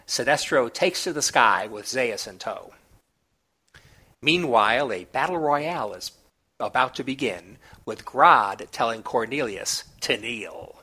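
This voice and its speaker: A man reviewing comic books, recapping the plot in a relaxed, chatty way with small asides. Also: mid-range voice.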